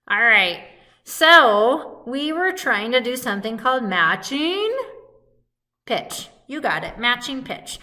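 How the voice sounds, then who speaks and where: A woman music teacher with a high, bright voice leads young children through cheerful call-and-response warm-ups. She talks slowly and patiently, recorded at home with faint music in the background. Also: big pitch swings.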